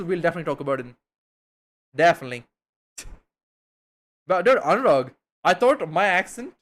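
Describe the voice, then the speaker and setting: A young man from India chats with his stream chat in a voice a little higher than most men's and a bit bright. He rambles casually, full of slang and the occasional curse word.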